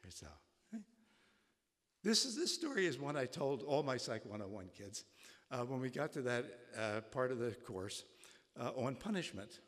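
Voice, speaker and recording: A man who once taught college, telling a story to a live audience in a halting way, with restarts. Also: medium pitch. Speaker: retired college faculty. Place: church. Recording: long reverb in a church.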